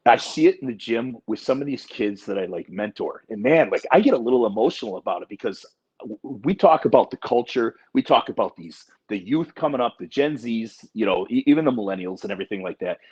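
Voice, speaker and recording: A man's voice: medium pitch, expressive, a little fast, darkish tone, slightly rough. A man in his forties co-hosting a casual podcast chat, talking bluntly and emphatically with plenty of profanity. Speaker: podcast co-host. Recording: dull lo-fi recording.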